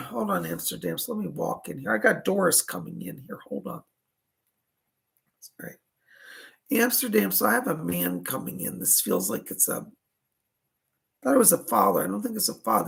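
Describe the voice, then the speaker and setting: A man giving live psychic readings online relays messages as a medium, often cutting in with "hold on" and at times coughing or clearing his throat between readings. The voice is high and a little bright.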